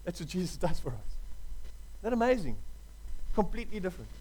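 A man preaching a sermon with passion, dropping to a hush and rising to loud appeals, calling his listeners "folk". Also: high-pitched, big pitch swings, fairly quick, slightly rough, low-quality recording. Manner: passionate, swings from hushed to loud.

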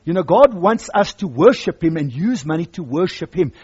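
Man preaching, high voice, husky, emphatic, repeats himself, dull lo-fi sound. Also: animated, moderate pace, a little mellow. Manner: emphatic, repeats key phrases. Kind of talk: sermon.

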